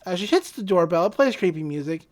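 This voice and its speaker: A woman co-hosting a podcast, casually recapping a cartoon episode in an animated way with many fillers. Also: lowish voice, brisk. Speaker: podcast co-host.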